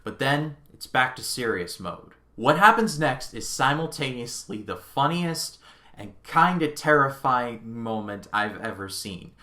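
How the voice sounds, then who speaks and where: A young man chats about a film in a relaxed, amused video review. He speaks slowly, with a bright, forward voice. The recording carries a clear room echo. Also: medium pitch. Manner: chatty, amused, recounting scenes. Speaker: movie reviewer. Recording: echoey room.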